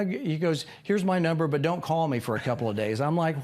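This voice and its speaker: A man's voice: brisk, darkish tone. Man in his sixties telling a rambling story. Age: 60s. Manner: rambling, acts out quotes with sudden higher pitch. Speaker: podcast guest. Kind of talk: casual storytelling interview.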